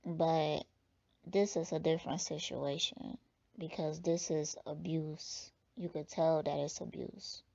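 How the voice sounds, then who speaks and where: A woman reader giving slow, thoughtful, blunt commentary on a clip in a casual way. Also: deep voice, fairly even intonation, creaky, mellow, dull audio. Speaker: spiritual reader reacting to a clip.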